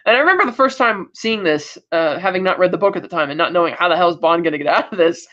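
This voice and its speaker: Guy with a pretty high voice walking through a movie plot on a podcast, keeps restarting himself, kinda dull lo-fi mic. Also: quick pace. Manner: animated retelling with frequent restarts and fillers. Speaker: podcast co-host. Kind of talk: casual podcast film recap.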